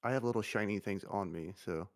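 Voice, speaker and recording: A man with a deep, monotone voice, a soft-spoken and hesitant guest on a casual stream. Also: fairly quick. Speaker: guest, company CEO.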